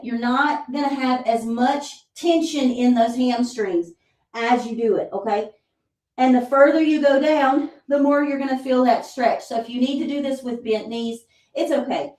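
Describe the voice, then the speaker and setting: A woman's voice: sits high, a little mellow. Breathless woman counting workout reps. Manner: counts reps aloud, encouraging and reassuring. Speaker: fitness instructor. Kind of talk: live workout class instruction. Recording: roomy sound, mic at a distance.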